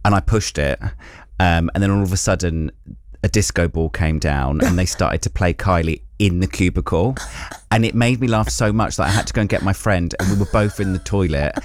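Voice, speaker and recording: A man's voice: low-pitched, a little fast. A stand-up comedian telling a casual anecdote, self-deprecating and laughing as he talks.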